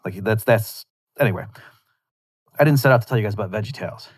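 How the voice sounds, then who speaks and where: A man's voice: lowish voice, fast talker, breathy edge, no room sound, clean studio sound. A man hosting his podcast, talking casually in a rambling way, with frequent restarts and wry asides. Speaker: podcast host. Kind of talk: casual monologue.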